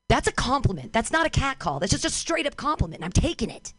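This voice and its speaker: A woman's voice: medium pitch, animated, fairly quick. A woman performing stand-up comedy outdoors on a street corner. She calls out to people walking past and makes fun of herself. Her voice sounds dry, with no echo. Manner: calls out to passers-by, self-mocking.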